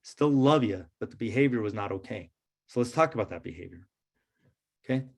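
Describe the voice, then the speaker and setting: A man's voice: fairly low pitch, expressive, brisk, creaky, darkish tone. A man leading a workshop for teachers, talking casually and checking in often with "right?". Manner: conversational, many fillers and "right?" check-ins. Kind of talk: casual presentation to educators.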